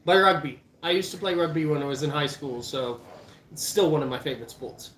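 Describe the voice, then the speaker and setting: A man's voice: a little high, steady tone, fairly quick, fairly bright tone, slight background noise. A young man in his twenties with a South African accent, chatting casually to camera in a rambling, jokey way with lots of restarts. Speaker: vlogger. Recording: echoey room.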